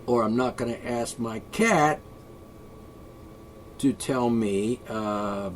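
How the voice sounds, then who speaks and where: A man's voice: medium pitch, slow pace, a little hiss or hum. A man vlogging an opinionated, rambling monologue, sarcastic and sighing often. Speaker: video blogger.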